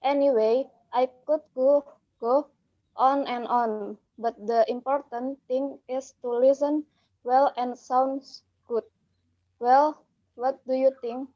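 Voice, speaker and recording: A woman student reading a paragraph aloud in a halting, careful way. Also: high voice, steady tone. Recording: dull lo-fi audio.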